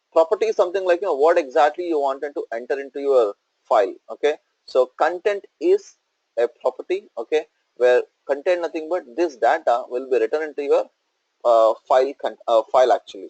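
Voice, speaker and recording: A man's voice: fairly high pitch, darkish tone, no room sound, muffled recording. A male instructor walking through a coding tutorial on screen, explaining step by step and checking in with "okay?" and "right?".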